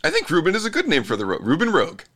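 A man hosting a casual podcast, telling stories in a relaxed, rambling way. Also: fairly high pitch, rapid-fire. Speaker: podcast host.

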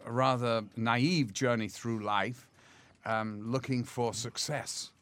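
Older man, animated storytelling guest. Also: takes it slowly, clear, resonant tone. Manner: lively storyteller, mimics others with big pitch jumps, laughs often. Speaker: actor guest. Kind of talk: anecdotal interview talk.

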